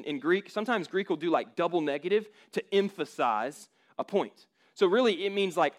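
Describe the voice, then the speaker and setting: A man's voice: sits high, fairly quick, hardly any pauses. A man preaching a sermon in an informal, emphatic way, with frequent casual fillers. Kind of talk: conversational sermon.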